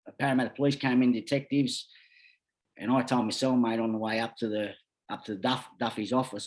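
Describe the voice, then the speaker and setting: A middle-aged Australian podcast guest speaks a little fast with a mid-range voice. Casual and lively, his rambling stories come laced with constant swearing.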